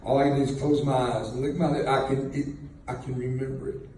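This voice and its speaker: A man's voice: medium pitch, level tone, brisk, a little mellow. An older man telling a war story to an audience in a folksy, joking way, chuckling as he talks. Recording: very echoey room, distant mic, faint noise.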